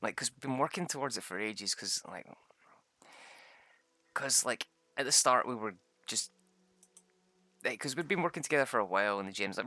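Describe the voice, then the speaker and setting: A man's voice: on the low side, a little fast, pushed and bright, no room sound. A young man, rambling through tabletop game stories, swearing and laughing often. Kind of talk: casual chat.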